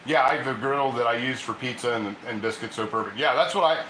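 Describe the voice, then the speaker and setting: A man's voice: mid-range voice, fast talker, pushed and bright, roomy sound, slight background noise, low-quality recording. A man from Ohio hosting a casual cooking livestream from his home kitchen, rambling and chatting with viewers as he reads their comments.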